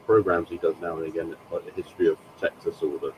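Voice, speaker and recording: A man with a Northern English accent in casual chat, halting and repeating words before trailing off. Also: low-pitched, fairly even intonation, muffled recording, noisy background. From United Kingdom.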